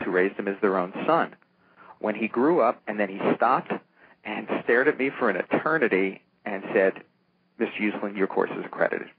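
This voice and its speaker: A man's voice: fairly low pitch, slightly rough. An older man, a comic book producer, telling stories in a casual interview and acting out the voices of the people he quotes. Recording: tinny phone-line sound with faint noise.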